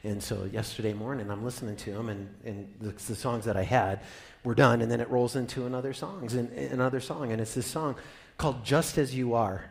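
A man preaching a sermon, animated, swinging from loud exclamations to soft, almost whispered lines. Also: medium pitch, fairly quick, gravelly, breathy edge. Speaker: pastor.

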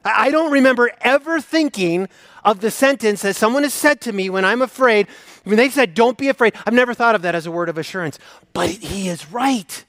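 A male pastor preaching a sermon, earnest, swinging from emphatic to hushed and intimate. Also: sits high, animated, brisk, no echo, clean studio sound.

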